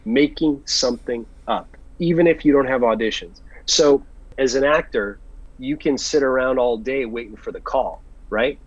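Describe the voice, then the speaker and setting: A man, a working actor, chatting in an interview and telling lively stories about his work in an earnest, animated way. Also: mid-range voice, husky, no echo. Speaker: guest actor. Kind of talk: casual interview chat. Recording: dull lo-fi sound.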